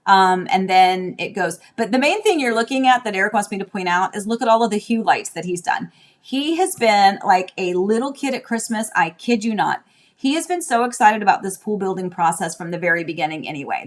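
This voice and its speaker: A woman's voice: medium pitch, a little fast. A woman who is a real estate agent hosting a casual live stream from her home, chatty and rambling as she talks. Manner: chatty and rambling, with many restarts.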